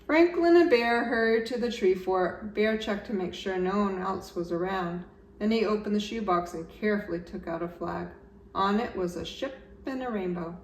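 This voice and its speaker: A woman, a teacher, reading a children's storybook aloud with gentle, expressive narration. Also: medium pitch, normal speed. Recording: roomy echo, slightly distant mic, faint background noise.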